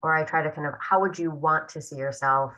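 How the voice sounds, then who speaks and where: A woman clinician giving a teaching talk, explaining her approach in an affirming, measured way over a video call. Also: low-pitched, fairly even intonation, pushed and bright. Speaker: presenting clinician. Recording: dull lo-fi video-call audio.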